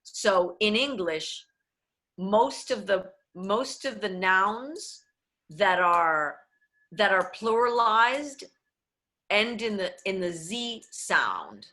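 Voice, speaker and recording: Bright-voiced woman coaching diction. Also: mid-range voice, lively intonation, slow. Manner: explanatory, switches into Spanish phrases. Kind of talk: online workshop talk.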